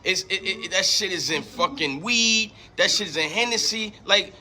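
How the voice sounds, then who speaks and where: High, bright-voiced man telling a story. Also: moderate pace. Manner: animated, acts out quoted people. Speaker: podcast co-host. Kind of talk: casual storytelling, heavy swearing.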